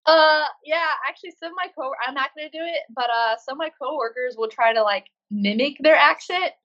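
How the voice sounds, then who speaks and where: A woman's voice: sits high, a little fast, fairly bright tone. Chatty woman on a dull remote line. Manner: chatty, lots of ums and likes. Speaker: guest, Marine and CrossFit coach. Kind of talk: casual interview answers. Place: living in Australia.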